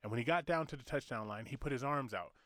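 A man's voice: mid-range voice, fast, a bit bright, dry recording, clean studio sound. A man with a Southern US accent co-hosting a podcast, tipsy and profane, rambling through casual talk. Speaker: podcast co-host.

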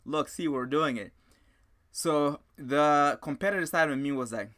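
Man, podcast host, animated storytelling, bright forceful voice, talks to listeners directly. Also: mid-range voice, moderate pace, clean tone. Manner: animated, excitable, repeats himself, addresses listeners as guys. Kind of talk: motivational storytelling monologue.

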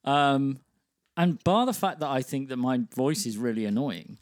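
A man's voice: medium pitch, lively intonation, moderate pace, dry recording, clean studio sound. A man co-hosting a casual podcast chat, teasing dryly and laughing often. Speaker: podcast co-host.

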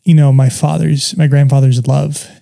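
A man tells his own story in a quiet conversation, earnest and reflective. His voice is dark and mellow with a gravelly edge, and his speech is halting, full of pauses and fillers. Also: medium pitch, flat delivery. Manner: earnest and open about painful memories. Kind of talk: personal testimony in conversation.

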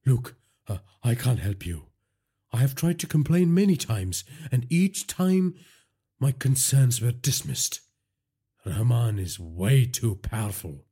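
A man's voice: medium pitch, big pitch swings, normal speed, dark tone, breathy edge, pitched above the performer's own voice. A man voicing a frightened, stammering police constable in an audiobook, hesitant and defensive. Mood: panicky. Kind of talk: audiobook character voice.

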